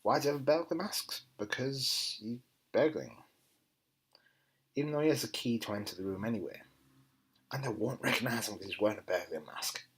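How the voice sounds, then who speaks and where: A man giving a chatty, enthusiastic spoken review, often dropping into quiet muttered asides. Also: mid-range voice, a little fast, pauses often, breathy edge, low-quality recording. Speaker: TV episode reviewer.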